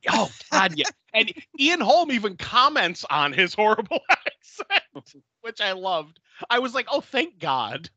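A man's voice: sits high, unhurried, no echo. A man hosting a podcast, recapping a film in casual chat and laughing often. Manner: laughs often, animated and chatty. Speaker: podcast host.

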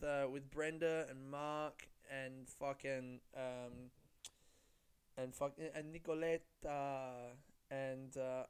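A man's voice: fairly high pitch, clean tone. A man hosting a solo podcast on his own mic, rambling casually with lots of swearing and self-mockery. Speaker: podcast host. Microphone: studio-style podcast mic.

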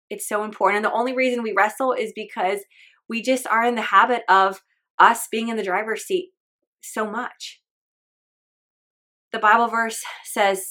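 A woman's voice: medium pitch, bright, forceful tone. A woman hosting a faith podcast, talking in an earnest, candid and chatty way with lots of fillers. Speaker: podcast host.

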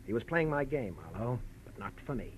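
A man's voice: mid-range voice, animated, a little fast, natural voice, poor audio. Man playing a smug gun-waving crook, cold and gloating, 1940s radio play, faint hiss. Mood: menacing. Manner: menacing, gloating. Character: scheming male swindler with a gun, cold and smug.

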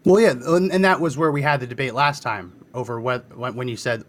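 Guy co-hosting a podcast, mid-pitch, arguing away, lots of yeahs. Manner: argumentative, quick to agree with short yeahs. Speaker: podcast co-host. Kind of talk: casual political podcast talk.

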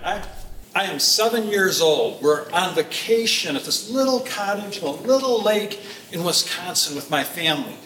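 High-voiced man telling a stage story. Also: recorded from a distance, slight background noise. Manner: animated, lively storytelling with acted shouts. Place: theater stage. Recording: echoey hall from afar.

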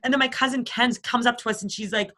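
A woman's voice: a little high, fairly even intonation, quick pace, a bit bright. A woman in her thirties from the Boston area, co-hosting a podcast and telling rambling stories full of swearing. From Boston area, USA. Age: 30s. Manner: profane, rambling storyteller. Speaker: podcast co-host. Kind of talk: casual chat.

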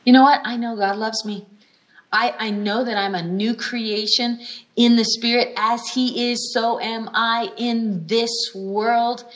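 A woman's voice: on the high side, steady tone, a little slow. A woman delivers a teaching sermon in a conversational, storytelling way. She drives points home by repeating phrases and often restarts her sentences as she goes. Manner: frequent restarts and brief laughs. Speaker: healing school teacher.

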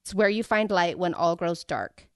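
Woman, slightly low voice, casual book chat, retelling scenes, fillers, dry close recording. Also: moderate pace, clear, resonant tone, no room sound. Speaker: podcast co-host.

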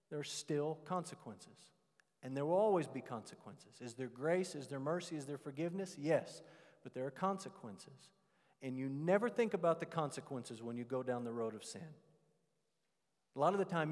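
Man, pastor, emphatic sermon delivery, middle pitch, long hall reverb. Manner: animated, emphatic preaching with drawn-out stressed words.

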